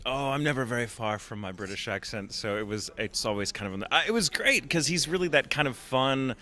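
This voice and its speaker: A man's voice: mid-range voice, animated, fairly quick, sharp tone. A man being interviewed at a convention, talking in a playful, jokey and theatrical way. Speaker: voice actor guest. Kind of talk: convention interview, casual chat. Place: convention floor.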